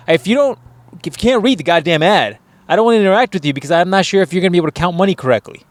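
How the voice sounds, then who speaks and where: A man's voice: fairly high pitch, very animated, fast, no room sound. A man co-hosting a casual podcast, ranting with lots of swearing and mocking people in put-on voices. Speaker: podcast co-host. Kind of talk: crude casual chat.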